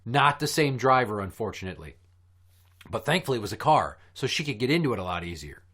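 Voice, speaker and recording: A man hosting a podcast spins a rambling anecdote, swearing freely and building the story with lively bursts. His voice sits at an ordinary pitch for a man and carries an easy, chatty rhythm. He talks like a friend recounting a bad day. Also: fast, slightly rough. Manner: profane, animated storyteller. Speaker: podcast host. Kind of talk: casual storytelling chat.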